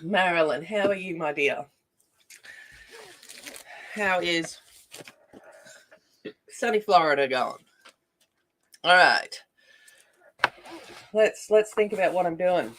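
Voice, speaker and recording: A woman's voice: fairly low pitch, animated, slow, long pauses, a bit bright, slight background noise. Chatty Australian woman streaming her colouring. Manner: chatty, greets viewers by name, thinks aloud. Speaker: adult colouring livestream host. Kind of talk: casual livestream chat.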